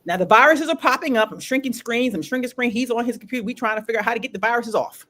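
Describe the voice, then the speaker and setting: A woman hosting a casual talk show, telling a long story in an animated way, repeating phrases for emphasis and swearing freely. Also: on the high side, rapid-fire. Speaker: show host.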